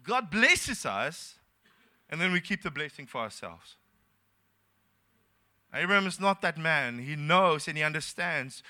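Male South African pastor, bright, higher-pitched, animated storyteller in a church sermon. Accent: South African English. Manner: animated storytelling, laughing often, acting out dialogue.

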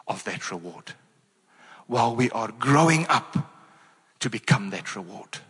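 A man with a South African accent preaching a sermon to his congregation, energetic and full of rhetorical questions. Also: sits high, big-room sound. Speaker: pastor. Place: church hall.

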